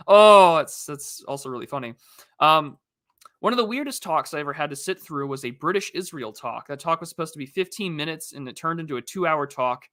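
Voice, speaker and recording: Man, livestream host, bright tone, dry close mic, rambling casual chat, lots of fillers. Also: on the high side, lively intonation, brisk, dry recording. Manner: rambling, frequent fillers and restarts, reads chat aloud.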